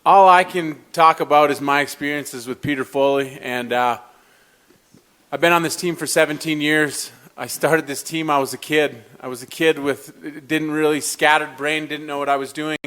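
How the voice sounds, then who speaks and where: Man, 40s, from the US, athlete, heartfelt press conference answers, slightly high-pitched. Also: fairly even intonation, normal speed, a bit bright. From United States. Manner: earnest, heartfelt, informal.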